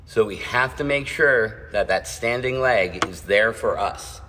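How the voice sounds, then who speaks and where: Counting steps and checking on his students, a man leads a streamed ballet class at home, dancing away from the camera with piano music behind him. His voice is on the low side, bright and forceful at a measured pace, with a little hiss or hum; a phone or camera mic across the room makes it roomy and distant.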